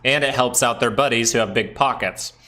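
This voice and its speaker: A man hosting a live stock market stream, chatting casually over charts, excitable and asking himself questions as he thinks aloud. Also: medium pitch, brisk. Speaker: stock market livestream host.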